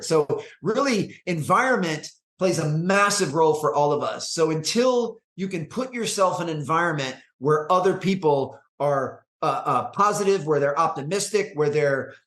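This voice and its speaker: A man speaks as an interview guest in a slightly raised voice. His delivery is measured and reflective, and he restarts phrases as he goes. The recording has a roomy echo. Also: on the high side, expressive, fairly bright tone. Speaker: guest, performance coach and speaker. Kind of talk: conversational interview.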